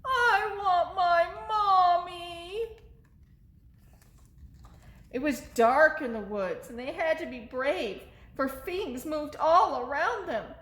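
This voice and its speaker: A woman's voice: high voice, lively intonation, a little slow, hardly any pauses. A woman in her thirties, a children's librarian leading story time, cheerful and coaxing with young children. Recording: echoey room.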